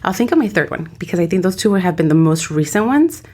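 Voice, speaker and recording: Woman co-host, low-ish voice, chatty, laughs often, mixes Spanish into her talk. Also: very animated, fast talker, warm tone, slightly rough. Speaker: podcast co-host. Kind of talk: casual chat.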